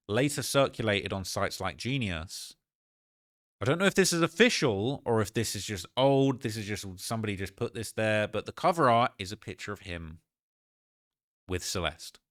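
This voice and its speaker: A man giving animated reaction commentary on a video, often repeating phrases for emphasis. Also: on the low side, no room sound, clean studio sound. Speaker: commentary YouTuber.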